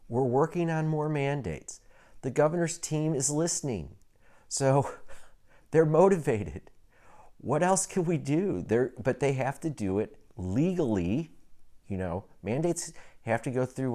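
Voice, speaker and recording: A man, a physician, giving a casual update to camera, frustrated and animated, with frequent chuckles. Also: mid-range voice.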